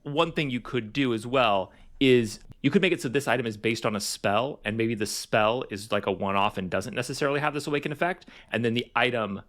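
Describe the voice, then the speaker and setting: A man joins a podcast as a guest in an ordinary mid-range voice. He lays out his ideas in a measured, unhurried way. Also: medium pitch, a bit bright. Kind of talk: casual podcast chat.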